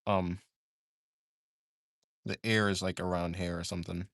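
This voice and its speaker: A man's voice: low voice, level tone, a little slow, fairly bright tone, no echo, clean studio sound. A young man chatting casually on a live art stream while he draws, rambling and drowsy, often trailing off into mumbles.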